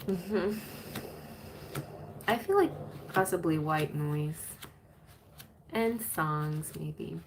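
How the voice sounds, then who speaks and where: A woman giving a gentle, soothing live-stream tarot reading. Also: low voice, drawn-out words, long pauses, noisy background. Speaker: tarot reader.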